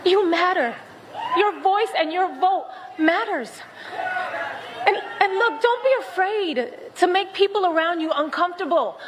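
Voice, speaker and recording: A woman's voice: extremely high pitch, animated, a little slow. A woman giving an emotional, rousing speech at a political rally, urging the audience on. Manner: impassioned, rousing, emphatic. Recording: rally clip with crowd and noise.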